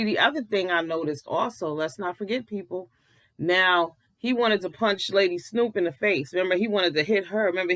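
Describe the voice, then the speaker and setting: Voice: mid-range voice, fairly bright tone, dry recording, low-quality recording. A vlogger giving blunt, profane, preachy commentary in an early-morning voice, just out of bed. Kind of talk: casual commentary.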